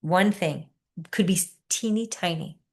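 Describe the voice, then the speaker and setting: Leading a workshop online, this woman in her fifties uses a fairly low-pitched voice. Her tone is earnest and supportive, and she gradually shifts into gentle, unhurried guided reflection.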